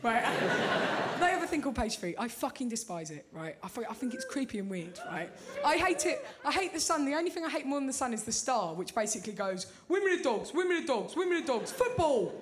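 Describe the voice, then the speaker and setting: A woman's voice: on the high side, big pitch swings, fairly quick. A young woman performing a stand-up comedy set in a club, chatty and often checking in with the crowd. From Britain. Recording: loud crowd noise in a club.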